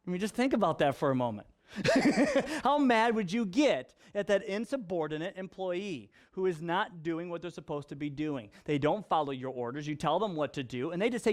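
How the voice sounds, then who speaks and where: A male pastor preaching a sermon, animated and full of rhetorical questions, acting out quotes and making joking asides. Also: high voice, a little fast.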